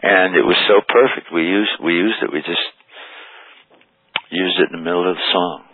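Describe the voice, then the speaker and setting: Low husky older man on a phone line. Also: normal speed, no echo. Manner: rambling anecdotes with many fillers. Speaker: interview guest, rock musician. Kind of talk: storytelling interview.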